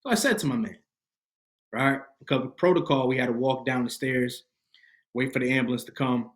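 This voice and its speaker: A young man from Rhode Island, a podcast guest and motivational speaker, telling a personal story in an animated, emphatic, slangy way. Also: mid-range voice, fairly quick.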